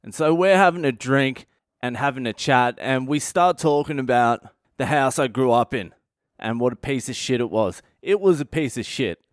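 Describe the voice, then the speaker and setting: Australian man, comedian telling stories, blunt, cursing, smooth voice, dry close sound. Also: medium pitch, normal speed, no echo. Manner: swears constantly, blunt and conversational. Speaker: comedian and podcast host. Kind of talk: casual comic storytelling.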